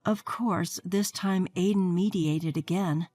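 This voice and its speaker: A woman's voice: lowish voice, unhurried, a little mellow. A woman in her forties narrating her own story in a wry, fed-up first-person way. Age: 40s.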